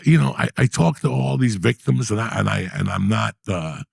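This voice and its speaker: A middle-aged man tells his stories with a rough, gravelly rasp in a lowish register. He gets animated and profane as he talks. The sound is close and dry, with no room around it. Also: moderate pace, dry recording. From New Jersey. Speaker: podcast host. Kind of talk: storytelling in casual chat.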